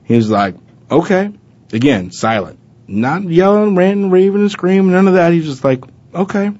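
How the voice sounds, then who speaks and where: Animated man retelling his past. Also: sits high, brisk, highs cut off. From Arizona. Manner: animated retelling, acting out past dialogue with many fillers. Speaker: former college football player. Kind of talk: personal storytelling interview.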